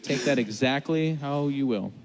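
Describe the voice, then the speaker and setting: A man's voice: mid-range voice, moderate pace. Joking male esports commentator. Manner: joking, acts out imagined dialogue. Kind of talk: casual chat.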